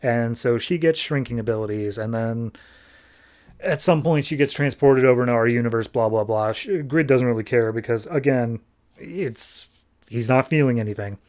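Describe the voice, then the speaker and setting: A man hosts a podcast, casually walking through a comic book's plot. He talks in a loose, chatty way, full of quick asides and filler words, at an ordinary mid pitch. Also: darkish tone. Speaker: podcast host. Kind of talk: casual comic-book recap.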